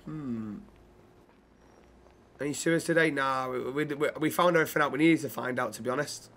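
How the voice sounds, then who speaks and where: A man's voice: medium pitch, fairly quick, sharp tone. A man streaming a roleplay game, chatting casually with other players and thanking viewers. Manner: laid-back, chats with viewers, thanks subscribers. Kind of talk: casual gaming chat and roleplay.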